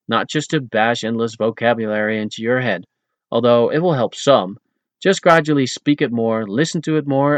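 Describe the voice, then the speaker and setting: A man narrating his own audiobook language lesson, saying each word slowly and deliberately and then giving its English meaning. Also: medium pitch, no room sound.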